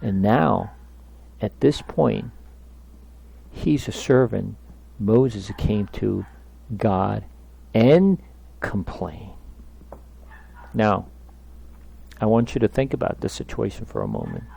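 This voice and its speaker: A man's voice: fairly low pitch, very animated, slow pace, vocal fry, pauses often, mellow, husky. A man leading a Bible study, speaking emphatically and asking his listeners questions.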